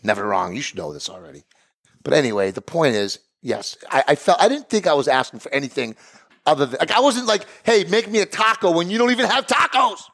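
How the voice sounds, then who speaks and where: A middle-aged man rants through a story, throwing his voice around as he plays himself and the other guy. His pitch sits a bit high and jumps all over. He sounds excitable and theatrical. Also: fast. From Italian heritage. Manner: excitable, acts out both sides of conversations. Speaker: podcast co-host, barbecue business owner. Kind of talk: animated storytelling rant.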